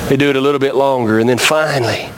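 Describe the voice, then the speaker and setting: A man preaching a sermon, swinging from loud emphatic peaks to low quiet stretches and often repeating words. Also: fairly even intonation, fast talker, noisy background. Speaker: pastor.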